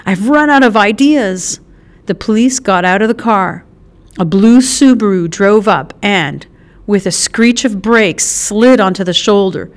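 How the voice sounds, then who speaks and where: A woman narrating an audiobook in a measured, expressive way. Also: medium pitch. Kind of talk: scripted narration.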